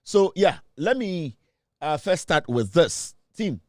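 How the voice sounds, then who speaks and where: A man with a Ghanaian accent hosting a casual show, talking with animated, playful banter. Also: a little high, takes it slowly, no echo, studio quality. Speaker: show host. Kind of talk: casual show talk, mixing English and Twi.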